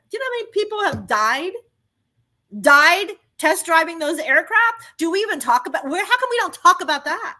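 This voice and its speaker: A woman's voice: high voice, animated, moderate pace, bright, forceful tone. A woman telling her own story in casual chat, emphatic and exclaiming at times.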